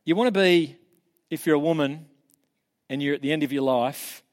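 A man's voice: on the high side, moderate pace. A man giving a casual, earnest teaching talk, encouraging his listeners in a conversational way. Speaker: preacher.

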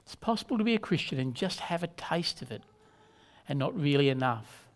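A man, a pastor, preaching a sermon in an earnest, measured way, leaning on emphatic repetition. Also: fairly high pitch, animated.

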